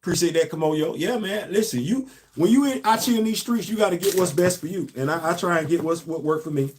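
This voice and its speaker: A man's voice: sits high, fast talker, a little hiss or hum. Laid-back man chatting on a live stream. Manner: laid-back, talks straight to viewers, repeats phrases, trails off. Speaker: toy collector vlogger hosting a live stream. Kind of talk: casual live stream unboxing chat.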